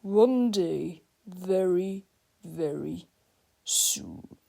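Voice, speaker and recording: A woman voicing a mean, sour old male school principal who slowly vows revenge in a storybook reading. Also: fairly low pitch, lively intonation, creaky, warm tone, heavily acted. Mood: menacing. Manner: slow, menacing vow.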